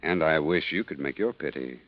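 A deep-voiced, grave doctor. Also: male voice, normal speed. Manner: calm, reserved, cautioning. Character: grave, measured family doctor. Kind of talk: 1940s radio acting. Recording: noisy, dull old radio recording.

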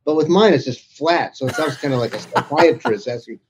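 A man's voice: a little high, expressive, a little fast, a little mellow, a little hiss or hum. A man being interviewed as an author, telling anecdotes in an amused, storytelling way. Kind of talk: casual interview chat.

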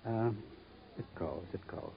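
An actor playing a smooth, menacing gambling boss who mocks a detective, in 1950s radio drama acting. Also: male voice, measured pace, slight background noise, lightly acted. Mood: mocking. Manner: silky, mocking, theatrical. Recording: dull old radio recording.

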